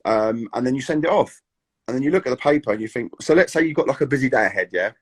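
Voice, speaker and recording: A British man in his thirties chatting as an actor guest in an interview, animated and full of acted-out quotes. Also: medium pitch, quick pace, breathy edge. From Britain. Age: 30s. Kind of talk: casual interview chat.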